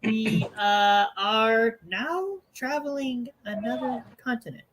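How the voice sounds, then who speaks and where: A woman's voice: on the high side, takes it slowly, a little hiss or hum, poor audio. A woman hosting a casual cooking podcast, teasing her co-host in a playful way. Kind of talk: casual chat.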